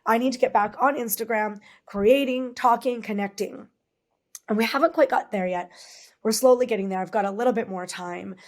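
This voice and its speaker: Woman in her forties, from Canada, podcast guest, candid, rambling, fillers, fairly high voice. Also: a little fast. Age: 40s. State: tearful at times.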